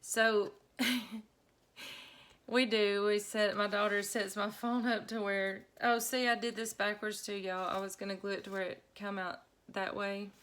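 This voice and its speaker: A woman's voice: medium pitch, flat delivery, measured pace, fairly bright tone. Chatty laughing middle-aged woman vlogger. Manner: chatty, laughing often, says y'all. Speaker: craft vlogger. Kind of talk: casual storytelling while crafting.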